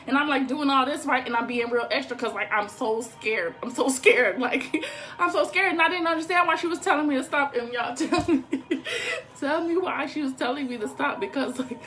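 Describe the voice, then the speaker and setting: A young woman telling a story to her viewers in a casual, animated, profane way with laughing asides. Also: high-pitched, brisk. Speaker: storytime vlogger.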